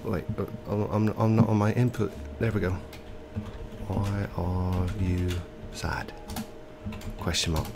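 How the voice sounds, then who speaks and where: A man's voice: low-pitched, measured pace, over music. A man with a stuffy, congested nose, commentating a video game in a put-on English accent and hesitating with ums and self-corrections. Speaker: let's play host.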